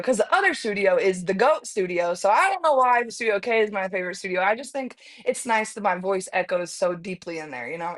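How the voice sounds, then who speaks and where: A woman's voice: a little high, a bit bright. A woman hosting a casual sports talk show from home, bubbly and chatty, often repeating words as she goes. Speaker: podcast host. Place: remote, apart from the studio.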